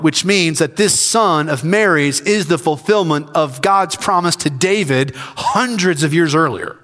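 A man's voice: a little high, a little slow, hardly any pauses, a bit bright, big-room sound, soft background music. A man, a senior pastor, preaching a sermon earnestly and repeating key phrases for emphasis.

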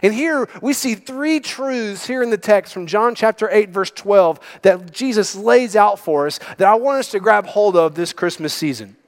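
A man preaching a sermon as pastor, emphatic and sometimes dropping to a hush. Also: sits high, moderate pace, few pauses. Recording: long hall reverb.

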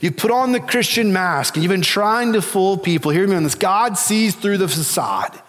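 A man's voice: high-pitched, lively intonation, moderate pace, a bit bright. A man preaching a sermon as pastor, earnest and emphatic, pressing his listeners with repeated appeals. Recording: long reverb of a large hall.

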